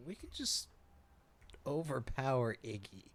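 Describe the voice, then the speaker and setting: Lively-voiced tabletop player, playful. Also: mid-range voice, measured pace, a crowd in the background. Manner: playful, hesitant suggestions with giggles. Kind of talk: in-character table talk.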